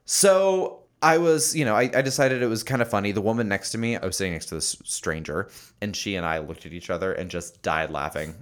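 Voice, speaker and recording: A man's voice: lowish voice, brisk. A young man casually telling a story on a podcast, with many fillers and laughs. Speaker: podcast co-host. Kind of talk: casual chat.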